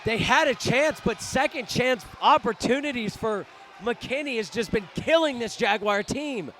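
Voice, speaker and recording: A young man doing live play-by-play for a high school basketball game, often shouting in outrage at the referees. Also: expressive, measured pace, a little hiss or hum. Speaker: student play-by-play commentator.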